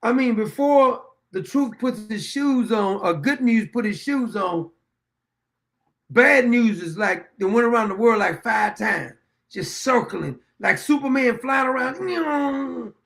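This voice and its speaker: A middle-aged man holds forth in a blunt, rambling rant as host of his own show. His voice sits high for a man and carries a gravelly rasp, and he keeps circling back to the same points like a preacher. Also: expressive, slow pace, a bit bright. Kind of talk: opinionated monologue.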